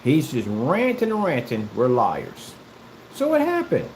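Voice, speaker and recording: A man's voice: high-pitched, huge pitch swings, moderate pace, darkish tone, echoey room, slight background noise, poor audio. A man ranting in a callout video, combative and mocking, who keeps repeating himself. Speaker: YouTuber.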